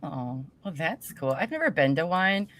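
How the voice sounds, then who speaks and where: A low-pitched woman, co-hosting a casual podcast. Her voice is bright and pointed, and she bounces quickly through teasing banter. The recording is close and dry. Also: big pitch swings, dry recording. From US Midwest. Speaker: podcast co-host.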